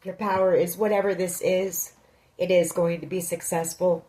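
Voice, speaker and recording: A woman's voice: fairly low pitch, level tone, moderate pace, warm tone, low-quality recording. A woman giving a tarot reading, speaking earnestly and directly to the listener. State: emotional. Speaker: tarot reader.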